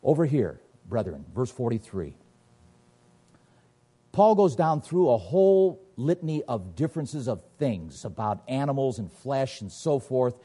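Emphatic husky-voiced male preacher. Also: sing-song, a little slow, mellow. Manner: emphatic, rhetorical questions, sweeping pitch swings. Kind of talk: sermon.

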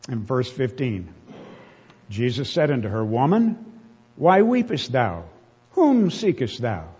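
Husky preacher in an echoing hall. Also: male voice, medium pitch, big pitch swings, takes it slowly, darkish tone. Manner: earnest, emotional, dramatic readings. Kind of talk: sermon, reading scripture aloud. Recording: dull reverberant hall.

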